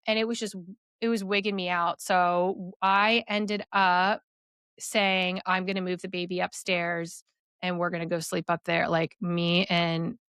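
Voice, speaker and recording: A woman's voice: medium pitch, fairly bright tone, clean tone, dry recording, studio quality. A young adult woman, a podcast guest, tells a personal story in a rambling way full of "like" fillers.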